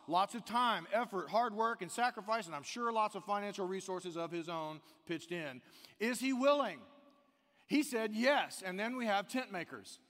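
A man from the American South preaching a sermon in a church, animated, swinging between loud emphasis and quiet intensity. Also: high-pitched, normal speed. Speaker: pastor. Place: church sanctuary. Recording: long hall reverb.

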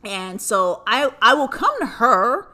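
Profane, animated young woman podcasting solo. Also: on the high side, slow pace. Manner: profane, animated, joking asides. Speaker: podcast host. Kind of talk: casual solo podcast monologue.

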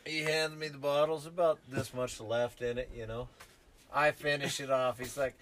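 A man's voice: high voice, expressive, unhurried, noisy background. A man telling profane, laughing stories in a casual chat about hunting. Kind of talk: casual storytelling.

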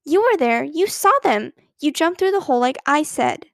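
A woman voicing a stubborn, indignant first-grade girl in a storybook reading, insisting loudly. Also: high-pitched, expressive, normal speed, dry recording, clean studio sound. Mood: furious.

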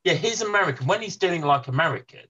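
A man co-hosting a casual film podcast, talking with hesitant pauses. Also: fairly high pitch, animated, bright, forceful tone, highs cut off. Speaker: podcast co-host. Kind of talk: casual chat.

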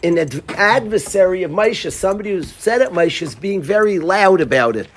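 A man giving a casual Torah class, animated and acting out the lines he quotes. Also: high voice, brisk, soft background music. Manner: animated, acts out quoted lines, restarts often. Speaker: Torah teacher.

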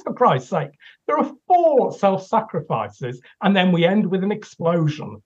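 With a high, sing-song voice, a breathy edge and a measured pace, a male podcast co-host delivers an exasperated, profanity-laced rant. It's a casual critical discussion, captured in dull lo-fi quality.

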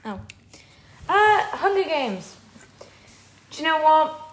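A young woman co-hosting a podcast who tells stories in an animated way and shares playful, strong opinions. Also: high-pitched, takes it slowly. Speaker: podcast co-host. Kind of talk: casual chat. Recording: echoey room.

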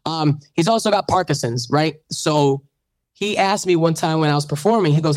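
Speaking at normal speed with a somewhat high voice and no room sound, a radio host gives an animated testimony during an interview. He tells his story in a preacherly lilt, rising into fervent calls.

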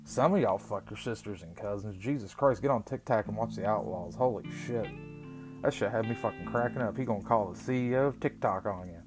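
A young Appalachian-accented man from West Virginia talks at a fairly low pitch. His rambling, foul-mouthed monologue jumps from story to joke, and guitar music plays clearly behind him. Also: a little fast. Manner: profane, crude joking, rambling stories. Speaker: vlogger.

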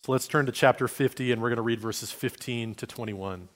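A man's voice: medium pitch, brisk. Man preaching in a conversational style. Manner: conversational preaching, acting out quoted voices with restarts. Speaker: pastor. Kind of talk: sermon.

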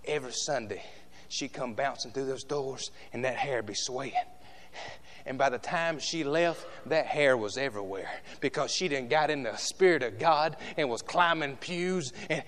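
With an unhurried pace and a mid-range voice, a man preaches fervently in a church, alternating booming shouts with quiet asides to his listeners.

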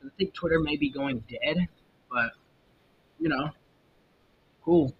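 A young man hosting a casual solo podcast, rambling and opinionated, with lots of fillers and restarts. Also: takes it slowly. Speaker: podcast host. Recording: muffled lo-fi mic with faint rumble. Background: faint jazz music.

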